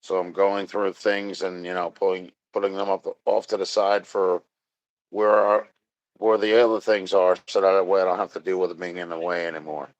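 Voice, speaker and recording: A man's voice: deep voice, flat delivery, normal speed, no echo. A man chatting casually on a live stream, rambling, joking and answering chat. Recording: dry, dull lo-fi sound.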